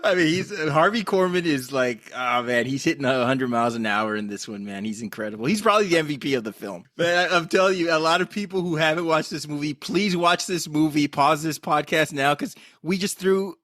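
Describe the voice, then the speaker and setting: A man's voice: on the high side, lively intonation, fairly quick, hardly any pauses, fairly bright tone, dry recording, clean studio sound. A man hosting a casual podcast, enthusiastic and speaking straight to the listeners. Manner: enthusiastic, urges listeners directly. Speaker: podcast host.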